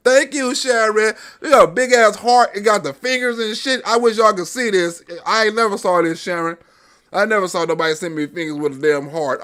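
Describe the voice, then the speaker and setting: Speaking at a normal pace in a high, sharp-toned voice, this man hosts a livestream and fires off crude, sneering political comedy directly at his viewers.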